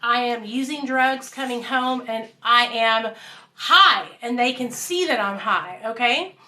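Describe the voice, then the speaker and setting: A woman's voice: a little high, measured pace, pushed and bright. A woman, casually telling her life story to viewers at home, calling them y'all. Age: 30s. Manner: chatty, addresses viewers as y'all and you guys.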